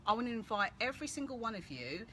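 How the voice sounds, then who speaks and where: A woman hosting a casual live-stream Q&A, chatty and animated, greeting viewers by name as she gives coaching tips. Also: a little high, fast talker. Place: outdoors-adjacent room with street noise. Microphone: phone or laptop live stream. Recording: faint background street noise.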